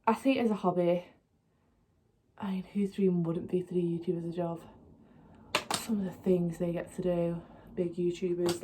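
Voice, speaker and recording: A young woman chatting casually and rambling while doing her makeup, pausing as she works. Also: mid-range voice, mellow. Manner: chatty, rambling, laughs often; talks while applying makeup, often pauses. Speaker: beauty vlogger.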